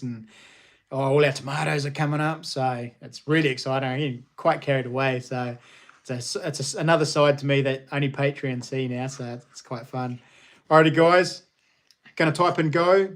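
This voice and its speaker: A man in his thirties with a New Zealand accent, hosting a casual home livestream, upbeat and chatty with his viewers. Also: a little high. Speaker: livestream host. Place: small lounge nook at home.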